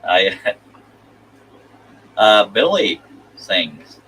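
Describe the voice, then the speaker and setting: A man's voice: lowish voice, very animated, extremely slow, sharp tone, slight background noise, rough recording. A man hosting a casual live stream, rambling and reading viewer comments aloud.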